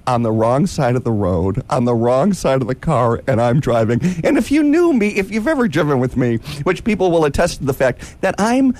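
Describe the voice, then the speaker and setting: A man telling a comic travel story in a casual chat, animated and excitable, often mimicking other people's voices. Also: medium pitch, normal speed, few pauses. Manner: self-described impatient, excitable.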